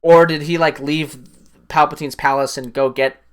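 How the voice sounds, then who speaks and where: A man giving a rambling, swear-filled casual recap of a film he just watched, his voice jumping up when excited. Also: on the high side, normal speed, clean tone. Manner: animated, voice jumps up when excited. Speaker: streamer.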